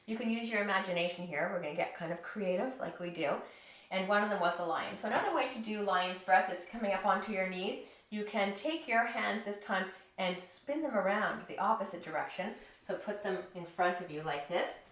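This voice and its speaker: A woman leading a children's yoga story, talking in a gentle, encouraging and playful way. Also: mid-range voice, brisk. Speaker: kids yoga teacher. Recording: echoey room, distant mic.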